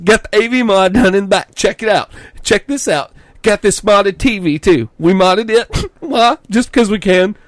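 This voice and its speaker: A man voicing a pushy, overexcited young male game collector who talks in rapid bro-speak. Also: high voice, no echo, pitched above the performer's own voice, close to an everyday voice. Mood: hyped.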